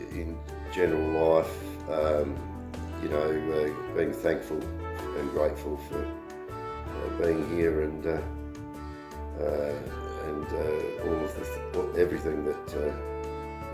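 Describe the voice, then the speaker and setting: A man hosting a rambling casual talk, halting and full of ums and uhs. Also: very deep voice. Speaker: host.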